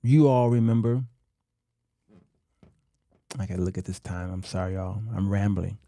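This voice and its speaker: Gravelly-voiced man preaching slowly to men. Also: sits low, warm tone, no room sound, studio quality. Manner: slow, emphatic, drawn-out delivery with dramatic pauses. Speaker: talk show host.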